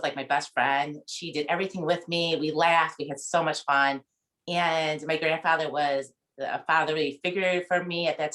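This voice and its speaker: A woman in her forties talks on a video call, her voice sitting a little low for a woman. She rambles and restarts, often getting choked up as she shares a personal memory with her book club. The tone is casual and heartfelt. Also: a bit bright. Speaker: book club member leading discussion.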